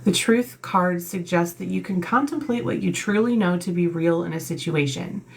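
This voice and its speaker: Gravelly, blunt tarot-reading woman. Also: lowish voice, normal speed. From Italian heritage. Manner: blunt, emphatic, swears freely. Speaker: tarot reader. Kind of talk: casual tarot reading, reading card texts aloud.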